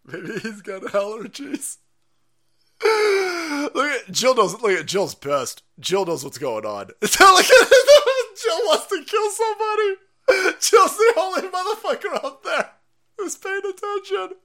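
A man's voice: extremely high pitch, wildly swooping pitch, slow, pushed and bright. A man hosting a livestream, ranting in profane, mocking commentary and laughing often. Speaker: livestream host.

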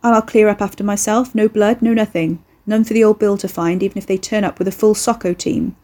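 A woman's voice: mid-range voice, fairly even intonation, a little fast, warm tone, lightly acted. A woman doing a cocky monster lad. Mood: breezy. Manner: breezy, slangy, boastful. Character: cocky young male eldritch horror, casually murderous.

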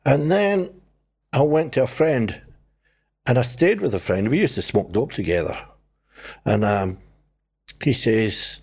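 An older man tells his life story in conversation. He has a husky, slightly rough voice and an animated way of telling it, acting out his old self and other people as he goes. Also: mid-range voice, unhurried, pauses often. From New Zealand. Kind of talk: conversational testimony.

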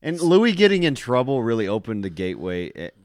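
Male co-host, plain pitch, blunt, dry sound. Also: big pitch swings, fairly quick, no room sound. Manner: blunt, crude. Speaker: podcast co-host. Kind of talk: casual chat.

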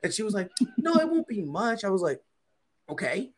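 A man's voice: sits high, big pitch swings, fairly quick. A man co-hosting a podcast, telling a story in a casual, slangy way and often repeating himself. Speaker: podcast co-host.

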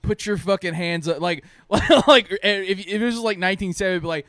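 A man's voice: high-pitched, a little fast, few pauses, fairly bright tone, no echo, studio quality. A young man from Jordan, co-hosting a podcast in loose, swearing, casual chat and laughing often. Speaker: podcast co-host.

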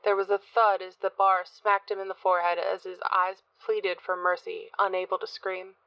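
A woman narrates a first-person horror story in a measured, dark read at a middle pitch. The voice sits close and dry, with no room sound. The recording has a slightly dull, lo-fi top end. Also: level tone, no echo. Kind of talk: scripted horror audiobook narration.

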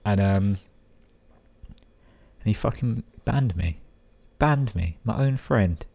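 A young man from England hosts a podcast, reading listener emails slowly but in an animated way. His voice is on the low side, dark, with vocal fry. He interjects sarcastic, sweary commentary between lines.

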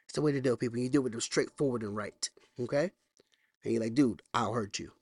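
A male pastor preaching a sermon, swinging from loud, high scripture reading to low conversational storytelling, blunt and emphatic with repeated phrases. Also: quick pace, no room sound. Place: church.

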